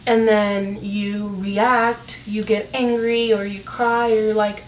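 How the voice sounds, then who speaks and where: A woman's voice: mid-range voice, little pitch movement, takes it slowly. A woman hosting a casual advice talk, speaking earnestly with many filler words. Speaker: YouTube talk host. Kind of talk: casual advice talk while doing her hair. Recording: roomy, from a distance, faint noise.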